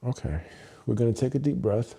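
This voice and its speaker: A man hosting a tapping livestream who rehearses his intro over and over, swears casually and thinks aloud with long pauses while seated at his desk. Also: medium pitch, lively intonation, creaky, warm tone, husky. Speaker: livestream host, EFT tapping coach. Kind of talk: unscripted livestream self-talk. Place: seated at his home workstation.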